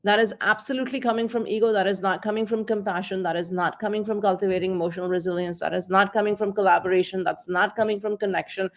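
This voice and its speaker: A woman's voice: medium pitch, fairly even intonation, fast, hardly any pauses. A middle-aged woman, a parenting coach, talking reflectively and repeating words as she searches for them. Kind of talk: conversational talk on parenting.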